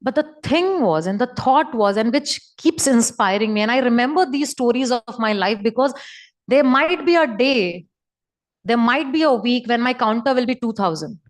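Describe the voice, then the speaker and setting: A woman's voice: fairly high pitch, expressive, normal speed. A woman giving an emphatic, repetitive motivational talk over a video call. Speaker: motivational speaker.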